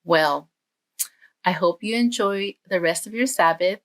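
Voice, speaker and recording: A woman's voice: fairly low pitch, unhurried. A woman tells a story to children during a church service. She speaks straight to them, plain and easy to follow. She ends each point with a simple lesson. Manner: warm, direct address to children.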